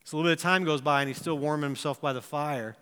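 Male pastor, sermon delivery, bright clear voice, long hall reverb, casual storytelling that goes grave. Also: on the high side, rapid-fire. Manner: conversational storytelling, then grave and hushed.

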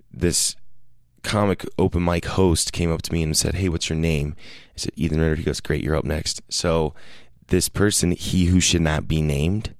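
A man's voice: deep voice, dry recording, clean studio sound. A man telling a long casual story, rambling with many fillers and restarts and quoting people in raised voices.

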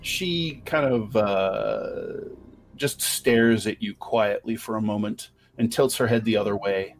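A man narrating a tabletop game as game master, unhurried and expressive. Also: lowish voice, faint music behind. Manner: unhurried, expressive, many fillers.

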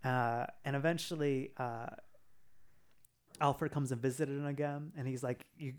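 A man's voice: mid-range voice, steady tone, a little slow, clean tone. A man in casual chat, retelling a comic book plot in a rambling way with lots of fillers.

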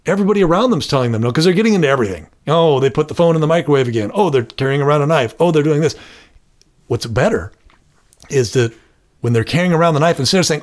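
Middle-aged man, co-host, earnest conversational tone, lively when giving examples. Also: fairly high pitch, fast. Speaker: podcast co-host. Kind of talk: casual chat.

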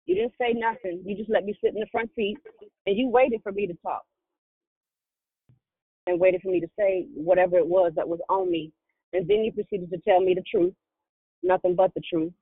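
A woman's voice: on the low side, steady tone, breathy edge, no room sound. Earnest woman thanking a friend by phone. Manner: earnest, deliberate, grateful. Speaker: caller sharing in a prayer call. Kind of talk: heartfelt testimony. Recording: tinny phone line.

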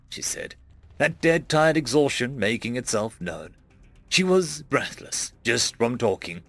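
Expressive male web-serial narrator. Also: mid-range voice, measured pace, dry recording, faint music behind. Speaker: audiobook narrator. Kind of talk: dramatic first-person narration.

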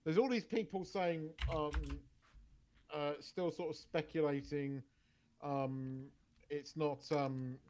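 Halting man chatting on a podcast. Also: fairly high pitch, steady tone, darkish tone, a little hiss or hum. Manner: halting, many restarts and fillers. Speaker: podcast co-host. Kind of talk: casual chat.

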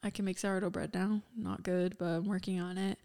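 Speaking a little fast with a flat delivery, this young woman has a lowish, mellow voice. She's a podcast co-host in casual chat, a giggly storyteller who leans heavily on "like."

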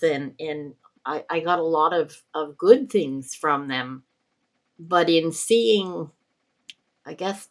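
A woman's voice: sits low, creaky. A middle-aged woman from Canada, telling personal stories in a podcast conversation and often laughing between words. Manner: reflective, laughs often mid-sentence. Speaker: guest.

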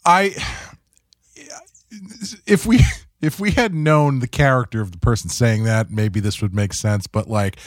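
A man's voice: on the low side, unhurried, no room sound, clean studio sound. A man co-hosting a casual podcast, wry and sarcastic, often starting with hesitant fillers. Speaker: podcast co-host.

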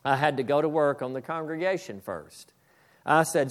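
A man's voice: fairly high pitch, animated, normal speed. A male pastor preaching a sermon, reading a story aloud and calling on his congregation to pay attention. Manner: emphatic, calls on the congregation.

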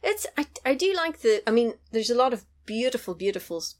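A woman on a podcast, chatting casually as she retells a film scene by scene, now and then jumping high to act out lines. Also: brisk. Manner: animated storytelling, acting out lines in a high voice. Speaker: podcast co-host recapping a film. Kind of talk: casual chat.

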